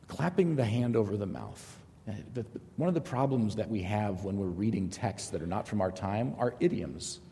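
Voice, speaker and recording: A middle-aged man leads a Bible study in a church hall, his mellow voice swinging lively up and down as he tells stories and jokes. His talk rings with a long reverb from the hall around him. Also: fairly low pitch, moderate pace, creaky, a little hiss or hum. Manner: conversational, animated storytelling with jokes. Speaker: Bible teacher.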